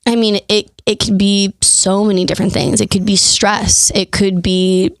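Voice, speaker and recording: A woman's voice: medium pitch, flat delivery, moderate pace, no echo. A woman actor chatting as a podcast guest, casual and talkative with lots of fillers. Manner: chatty, laughs often, many fillers. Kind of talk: casual chat.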